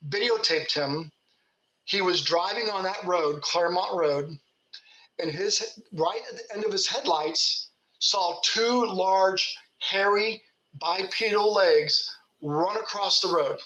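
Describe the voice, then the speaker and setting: Guy from kentucky spinning folksy stories, high bright voice, roomy echo. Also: unhurried, lo-fi sound. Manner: folksy, laughs while telling stories. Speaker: Bigfoot researcher guest. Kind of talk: casual storytelling.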